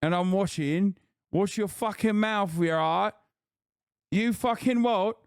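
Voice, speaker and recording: A man voicing an indignant British online chatter in a mock British accent, loud and sneering. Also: smooth, no room sound, studio quality. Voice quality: loud, high-pitched, sneering.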